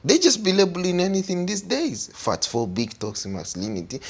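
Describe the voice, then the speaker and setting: A man in a casual chat, breaking in with loud, mocking reactions. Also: mid-range voice, lively intonation, brisk, hardly any pauses, slightly rough.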